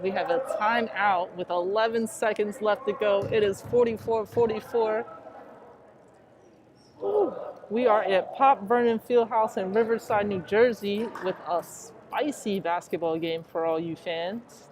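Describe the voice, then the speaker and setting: A woman doing play-by-play for a high school basketball game, nervous and excitable, chatting to listeners between plays. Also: unhurried. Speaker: play-by-play announcer. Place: school gym during a game. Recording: noisy gym sound. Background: crowd ambience and bouncing basketballs.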